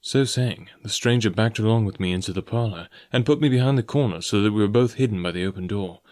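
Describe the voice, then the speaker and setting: A man reading an audiobook aloud in measured first-person narration. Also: fairly low pitch, darkish tone. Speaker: audiobook reader.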